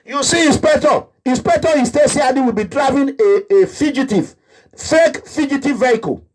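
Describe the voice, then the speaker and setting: A man's voice: extremely high pitch, moderate pace, darkish tone. A Nigerian man with a Nigerian accent in an impassioned, rambling monologue, indignant and acting out the people he quotes. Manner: rambling, indignant, breaks into laughter and acts out quoted voices. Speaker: activist.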